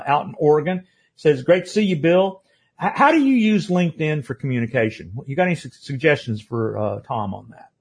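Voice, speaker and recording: A man with a husky voice, pitched a little high, hosts a live interview show. He chats in a loose, rambling way and restarts his sentences often, reading out viewer questions. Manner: chatty, rambling, with many restarts. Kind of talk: live-stream interview hosting.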